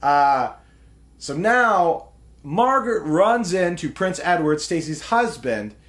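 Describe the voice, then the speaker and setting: Animated man retelling a film. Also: on the high side, slow. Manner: animated retelling, acts out characters, laughs often. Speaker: film review host. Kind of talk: casual film breakdown.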